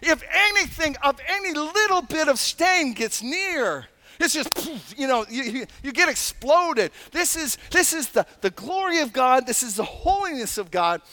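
A man preaching a sermon, animated and emphatic, with frequent asides and laughs. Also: extremely high pitch, normal speed. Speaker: pastor.

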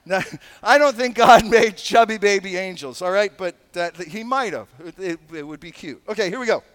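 A man preaching a sermon, animated and emphatic, with frequent asides and laughs. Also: sits high. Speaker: pastor.

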